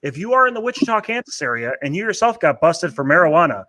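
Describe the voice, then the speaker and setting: A man's voice: a little high, big pitch swings, quick pace, bright, forceful tone, dry recording. A man co-hosting a casual chat, easygoing, who slips into a sponsor plug. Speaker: co-host.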